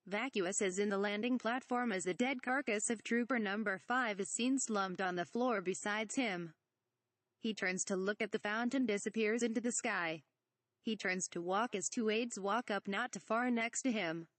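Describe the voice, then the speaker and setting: A woman's voice: medium pitch, normal speed, no echo. A woman reading a parody script aloud, stage directions and all, saying "asterisk" for the bleeped words. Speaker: reader.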